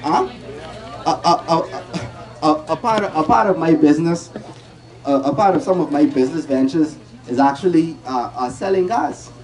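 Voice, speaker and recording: A man's voice: a little high, moderate pace, a little mellow, rough recording. A man giving a financial talk, asking rhetorical questions and restarting his sentences often. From Bahamas. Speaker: presenter at a credit union talk.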